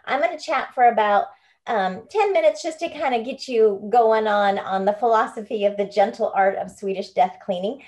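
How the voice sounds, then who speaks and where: A woman's voice: mid-range voice, a little mellow. A woman leading a book club over a video call, chatty and bubbly, laughing often. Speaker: book club leader and home coach. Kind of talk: casual online group talk.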